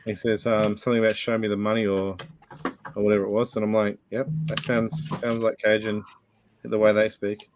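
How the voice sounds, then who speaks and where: Low-voiced man bantering easily. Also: flat delivery, brisk, background noise. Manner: easygoing, bantering. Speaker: livestream guest. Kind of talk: casual chat among friends.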